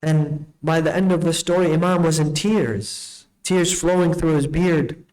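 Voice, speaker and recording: A man's voice: measured pace, low-quality recording. A man telling a story in a night sermon, acting out the dialogue with sweeping changes in his voice. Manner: animated storyteller, acts out dialogue with big pitch swings. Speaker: preacher.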